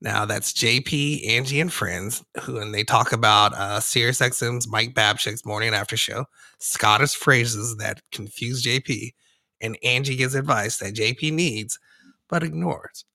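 A man co-hosts a sports podcast with a very bright, forceful tone and a quick joking wit. The sound is dry and close, with no room around it. He plugs shows and banters freely. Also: mid-range voice, dry recording. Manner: joking, quick with one-liners. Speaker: podcast co-host. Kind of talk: casual sports chat.

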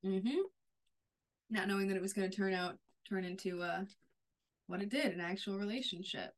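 A woman co-host talks through a TV episode in a relaxed, chatty way. Her voice sits at a middling pitch, and she strings scenes together in long runs that fade off softly at the ends. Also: moderate pace. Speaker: podcast co-host. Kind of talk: casual chat recapping a TV episode.

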